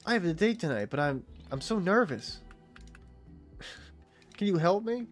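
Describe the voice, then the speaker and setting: A man's voice: high voice, very animated, a little slow, faint music behind, pitched above the performer's own voice. A man putting on a nervous, pleading young guy. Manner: anxious, pleading. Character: nervous inexperienced young man asking for help.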